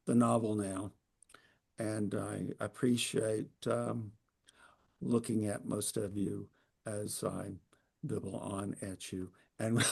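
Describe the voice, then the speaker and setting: A man's voice: lowish voice, creaky, dark tone, husky. A man leading a book club talk on a video call, hesitant with many fillers and restarts, with a wry humor. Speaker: book club discussion leader. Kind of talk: informal literary talk.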